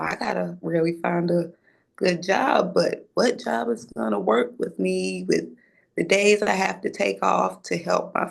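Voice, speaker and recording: A woman's voice: medium pitch, vocal fry, husky. A young adult woman telling a personal story in a casual way, acting out the conversations she had. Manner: acts out conversations, casual and animated. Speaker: storyteller, recent graduate.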